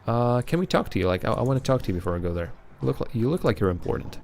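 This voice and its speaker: A man streaming a role-playing game live, thinking aloud as he goes. His pitch moves a lot from line to line. He talks in a loose, chatty way. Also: very animated, rapid-fire, creaky, a little mellow, slight background noise. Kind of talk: live game playthrough commentary.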